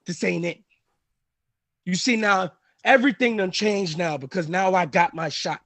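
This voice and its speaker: Man, pro wrestler, heated trash-talk promo, high-pitched, dry close sound. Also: normal speed, vocal fry, dry recording. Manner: intense, trash-talking, builds to shouting.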